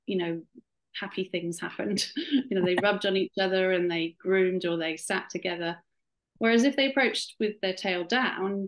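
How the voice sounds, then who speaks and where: Poor audio captures a mid-range female voice: a middle-aged guest who writes books and researches cat behaviour. Over a video call for a webinar interview, she talks casually and warmly, restarting often and saying "you know" a lot.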